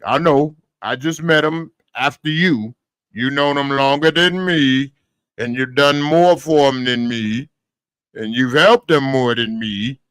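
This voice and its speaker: A man doing a smooth scheming man making his pitch. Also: fairly bright tone, no echo. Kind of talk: comic character impression in a TV review.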